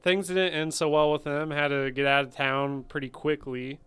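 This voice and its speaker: A man playing in a tabletop role-playing game, speaking briefly and relaxed, sometimes as his character in his own voice. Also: a little high, normal speed, clear, resonant tone. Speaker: player. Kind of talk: casual chat at a tabletop game.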